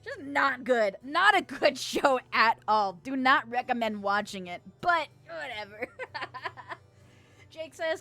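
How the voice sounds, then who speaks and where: A woman's voice: high-pitched, lively intonation, slow pace, sharp tone, no room sound. A young adult woman streaming and casually chatting as she reads chat, bubbly and giggly with playful squeals.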